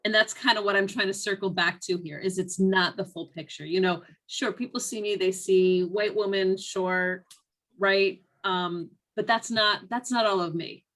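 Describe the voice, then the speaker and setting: A woman's voice: mid-range voice, fairly even intonation, normal speed, a bit bright. Woman teaching a class over video call. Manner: reflective, repeats key phrases. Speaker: instructor. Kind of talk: online class lecture.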